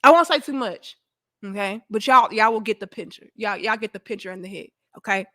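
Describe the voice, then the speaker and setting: A woman's voice: medium pitch, brisk. A young woman hosting a talk show, telling a candid, profane story to her viewers. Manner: animated, profane, talks to herself. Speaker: podcast host.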